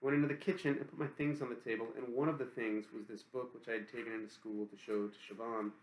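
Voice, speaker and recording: A man reading a first-person novel aloud as an audiobook in a matter-of-fact, literal manner. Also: medium pitch. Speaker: audiobook reader. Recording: roomy echo.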